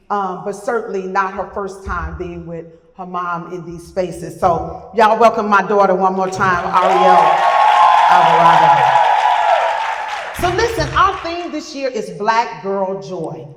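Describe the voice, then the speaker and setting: A middle-aged woman hosting a live podcast panel, introducing guests with effusive, repeated words of praise. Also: medium pitch. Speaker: podcast host. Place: retreat event room with live audience. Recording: roomy hall with long reverb.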